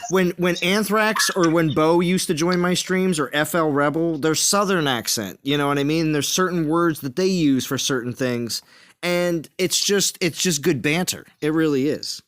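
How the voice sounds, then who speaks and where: A man's voice: fairly high pitch, moderate pace, a bit bright. Laughing man hosting a stream chat. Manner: laughs often, talks over others. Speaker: streamer host. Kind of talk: casual group voice chat.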